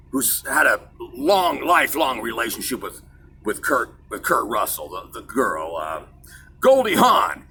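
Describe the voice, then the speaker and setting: Hosting his own program, a middle-aged man from Kansas drifts through a story in an offhand, meandering monologue, often poking fun at himself. His medium-pitched voice sounds husky, bright and forceful.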